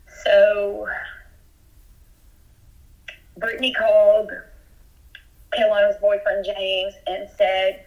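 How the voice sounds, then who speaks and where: This Texan woman, a guest, recounts something personal by telephone, earnest and thorough, growing more urgent. She speaks in a mid-range, level voice, drawing out words and pausing often, and the line sounds muffled.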